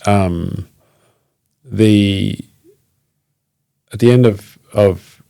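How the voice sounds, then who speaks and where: A man hosting a podcast, asking questions in a halting way with fillers. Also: on the low side, fairly even intonation, creaky, dark tone. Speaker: podcast host. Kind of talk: interview questions.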